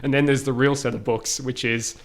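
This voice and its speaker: In a flat, medium-pitched delivery and at a brisk clip, a man tells stories as a guest on a podcast. Despite the flat delivery he is casual and animated, laughing frequently and filling his speech with fillers in the informal interview.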